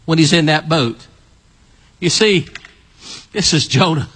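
A man preaching an animated sermon, acting out a story with volunteers and calling out to the congregation. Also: slow, husky, in a large hall. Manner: animated, calls out to the audience, builds to excited high shouts.

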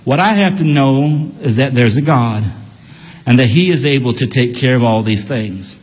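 A man's voice: medium pitch, normal speed, slightly rough, long reverb tail. A man preaching a sermon in an earnest, emphatic way, repeating key phrases and telling a story.

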